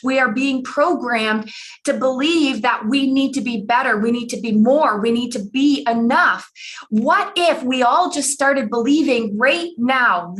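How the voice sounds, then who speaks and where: A woman's voice: sits high, a bit bright. A woman in her forties, a life coach telling a personal story in an earnest way and repeating phrases for emphasis, over a computer mic on an online call.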